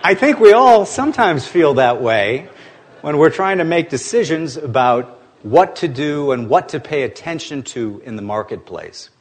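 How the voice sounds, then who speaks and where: A man giving an anecdotal talk on investing, animated and joking in a conversational way. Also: on the high side, normal speed. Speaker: investment speaker.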